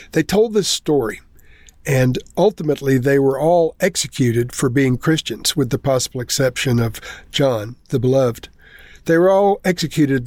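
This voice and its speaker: A man's voice: medium pitch, a little mellow, no room sound. Earnest man preaching in a dry room. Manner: earnest, measured preaching with slowed emphasis. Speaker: pastor. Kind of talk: sermon.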